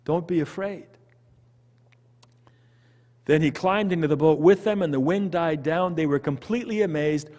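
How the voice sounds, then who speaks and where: A Canadian man teaches a Bible study in an animated, conversational style, often putting questions to his group. His voice sits high for a man. The room adds a long, lingering reverb. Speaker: pastor leading Bible study. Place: church hall.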